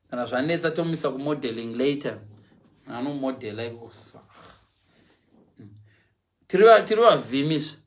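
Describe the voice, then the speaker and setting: A middle-aged man from Zimbabwe with a Zimbabwean English accent, telling comic stories on a livestream in an animated way, mimicking other people's voices and laughing along. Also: mid-range voice. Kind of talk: animated comic storytelling, switching between Shona and English.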